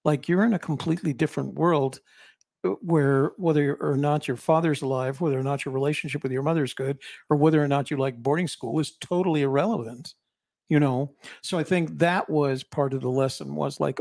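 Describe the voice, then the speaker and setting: An older man talks through a casual chat in a rambling, reflective way, often restarting his sentences. His voice is gravelly and sits a little high for a man. The sound is dry, with no room echo. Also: fairly even intonation, a little fast, a little mellow. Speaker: co-host and author.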